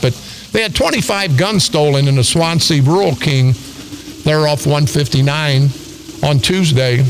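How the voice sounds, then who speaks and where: A man's voice: a little high, a little hiss or hum, poor audio. An older man hosting talk radio, delivering an angry, combative, repetitive rant.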